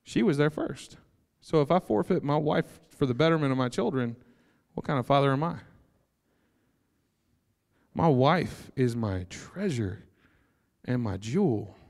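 Excitable young preacher in a reverberant hall. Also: male voice, medium pitch, a little slow, pauses often. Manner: animated, joking and excitable. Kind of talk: sermon.

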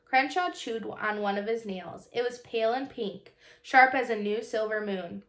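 A woman's voice: fairly high pitch, expressive, normal speed, hardly any pauses, fairly bright tone. Woman narrating a children's novel. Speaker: audiobook narrator. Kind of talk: storybook narration. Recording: roomy echo.

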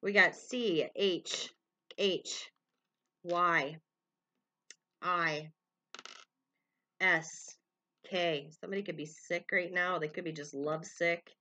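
Low, bright-toned woman reading tarot. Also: steady tone, takes it slowly, pauses often. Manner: meandering, calls out names and initials as they come, frequent fillers. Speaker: tarot reader. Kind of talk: collective tarot love reading to viewers.

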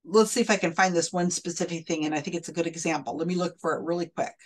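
A woman's voice: lowish voice, fairly even intonation, fast. A woman commenting analytically on a recorded psychic reading, explaining and restating quotes in a picky, careful way. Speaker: skeptic commentator.

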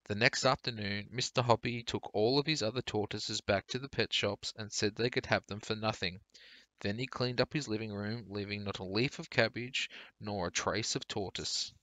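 A man teacher reading a children's storybook aloud for pupils in a clear, steady storytelling way. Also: on the low side, normal speed, no echo.

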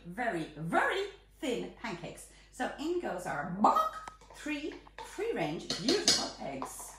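A woman's voice: on the high side, fairly bright tone, heavy reverb, a little hiss or hum. A woman hosting a live baking demonstration in her home kitchen, chatty, playful and theatrical.

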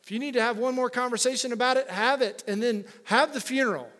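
A man's voice: very high voice, steady tone, fast talker, fairly bright tone. A male pastor preaching a conversational sermon with humorous asides to his congregation. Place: church sanctuary.

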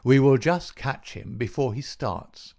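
A man voicing a brisk, confident detective who speaks in an assured, emphatic way. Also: mid-range voice, expressive, gravelly, darkish tone.

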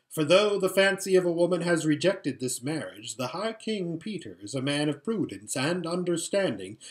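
Brief: arrogant young prince, read by a male narrator, forceful, pushy and grandiose. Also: fairly high pitch.

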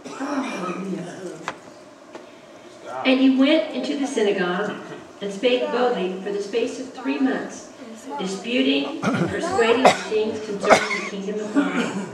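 Woman, somewhat high voice, informal impassioned Sunday school preaching, roomy distant church sound. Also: a little slow, a loud crowd. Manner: emphatic, repetitive, impassioned. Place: church sanctuary. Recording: echoey church recording from far off, congregation audible.

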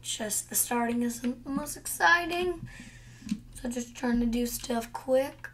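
A woman's voice: fairly high pitch, takes it slowly, a bit bright, slight background noise. A young woman narrating a cooking game as she plays, muttering her actions to herself and chatting to viewers now and then. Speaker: gamer. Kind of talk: gameplay commentary.

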